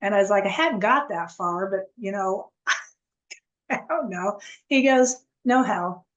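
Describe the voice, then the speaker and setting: A woman as an interview guest, telling her story earnestly in a halting, casual way with many restarts. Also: mid-range voice, animated, a bit bright, highs cut off.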